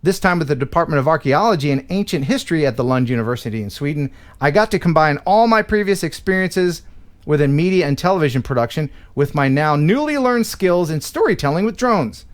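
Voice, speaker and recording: An American man hosting a live stream, chatting casually and reading viewer mail, with animated reactions. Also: fairly high pitch, brisk. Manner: animated, laughs and cries out while reacting to clips.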